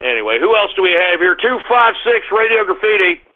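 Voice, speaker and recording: A man hosting a call-in radio show, ranting and cursing at callers with bursts of shouting. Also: high-pitched, very animated, fairly quick. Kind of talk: irreverent call-in radio rant. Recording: tinny phone-like radio audio.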